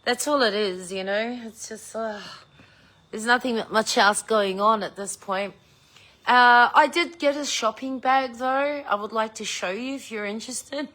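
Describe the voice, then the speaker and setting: A woman's voice: fairly high pitch, measured pace, a bit bright. A middle-aged woman, chatting casually with viewers, telling a story and swearing freely. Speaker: vlogger chatting live with viewers. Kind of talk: casual chat.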